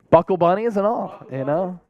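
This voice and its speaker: A man's voice: sits high, narrow, tinny audio. A man hosting a live sports stream, chatting casually in a laid-back, rambling way with frequent chuckles. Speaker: sports show host.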